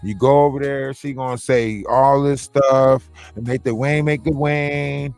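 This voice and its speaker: A man's voice: medium pitch, fairly even intonation, unhurried, creaky, darkish tone, clean tone, faint music behind. A man hosting a livestream, talking casually and mockingly in slangy gossip commentary. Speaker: livestream host.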